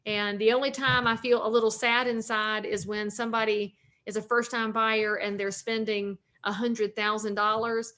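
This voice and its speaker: A woman's voice: fairly high pitch, flat delivery, normal speed, few pauses, bright, forceful tone. Chatty Southern woman in her forties. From North Carolina, US. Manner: talkative, joking, upbeat. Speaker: realtor and author, guest. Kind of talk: casual interview chat.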